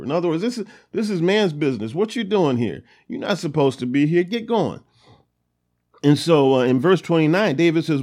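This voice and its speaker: A man's voice: fairly high pitch, lively intonation, normal speed, darkish tone. A man hosting a Bible study, reading verses aloud and retelling them in a loose, conversational way with many fillers. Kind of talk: casual Bible teaching, reading and retelling scripture.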